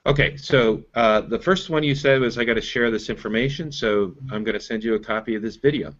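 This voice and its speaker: A man's voice: medium pitch, fairly quick, fairly bright tone, dull audio. A man hosting as a business coach, explaining methods step by step and checking in with "right?". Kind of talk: coaching conversation on a call.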